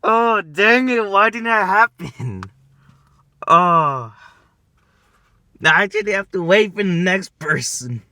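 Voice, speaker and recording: A man's voice: high voice, lively intonation, takes it slowly, pauses often, sharp tone, no room sound. A man sitting in a parked car, waiting to prank passersby, muttering impatiently to himself and now and then calling out to people. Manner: impatient, grumbling, calls out to passersby. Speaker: prankster vlogger.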